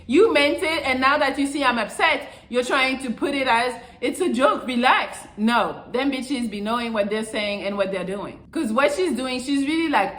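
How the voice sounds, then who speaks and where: A woman's voice: a little high, fairly bright tone. A woman hosting her channel, giving blunt, profane relationship advice in a casual monologue with mocking impressions. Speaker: channel host. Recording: echoey room.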